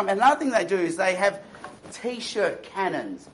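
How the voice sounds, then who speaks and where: A man's voice: sits high, moderate pace, slight background noise, low-quality recording. A man preaching a sermon, telling stories and mocking smug attitudes with playful impressions. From Australia. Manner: animated storytelling with mocking impressions.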